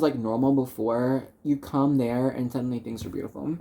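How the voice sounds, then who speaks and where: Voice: mid-range voice, fairly even intonation, moderate pace, vocal fry, few pauses, mellow, a little hiss or hum. Chatty, encouraging tarot reader. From Dallas, Texas. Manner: chatty and encouraging, rambling with many fillers. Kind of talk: tarot reading for viewers.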